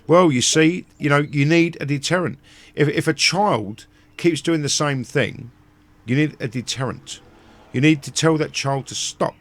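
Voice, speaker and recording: A man's voice: a little high, measured pace. A man hosting a live stream, ranting in blunt, sweary casual chat with many restarts.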